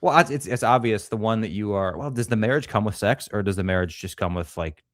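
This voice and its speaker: A man's voice: lowish voice, fast, dry recording, clean studio sound. A man co-hosting a casual livestream, reading chat comments aloud and joking crudely. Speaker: podcast co-host.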